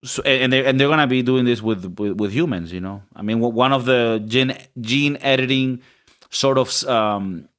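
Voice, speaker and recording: A man co-hosting a podcast, chatting casually with a rambling, joking manner. He restarts his sentences often, and his voice sits at an ordinary middle pitch. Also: normal speed, fairly bright tone. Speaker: podcast co-host.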